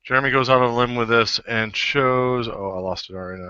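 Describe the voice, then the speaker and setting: A man's voice: medium pitch, brisk, sharp tone, clear, resonant tone, no echo, muffled recording. A man co-hosting a casual podcast, reading out nominees and joking as he stumbles over the words. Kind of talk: casual chat.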